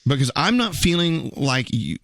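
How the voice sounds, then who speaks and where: A man's voice: a little high, sing-song, normal speed, fairly bright tone, no echo, clean studio sound. A man hosting a morning radio show, mixing wry teasing jokes with earnest talk. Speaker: radio host. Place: radio studio.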